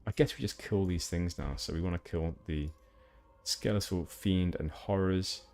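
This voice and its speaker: A man's voice: low voice, normal speed, a little mellow. A young man from Hampshire, England, chatting casually with viewers while streaming a game, rambling with many fillers and restarts. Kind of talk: casual gameplay chat with viewers.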